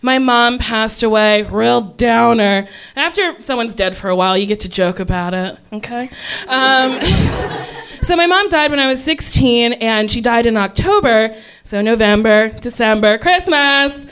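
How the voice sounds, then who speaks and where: A woman's voice: fairly high pitch, unhurried, fairly bright tone, smooth. A young adult woman telling a funny story on a podcast, chatty and giggly, full of "like", acting out the people in it.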